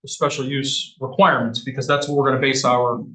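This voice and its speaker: A man chairing a town planning board meeting, brisk and reading out agenda items. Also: medium pitch, level tone, bright, forceful tone. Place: municipal meeting room. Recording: echoey meeting room.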